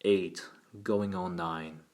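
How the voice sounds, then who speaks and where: Man voicing a scared eight-year-old boy, timid and halting, on a deep voice. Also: steady tone, darkish tone.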